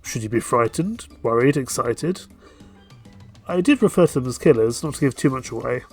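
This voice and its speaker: A man's voice: medium pitch, lively intonation, normal speed, a little mellow, breathy edge, faint music behind. A man playing a dating game on stream, reading its narration aloud and dropping playful, jokey asides.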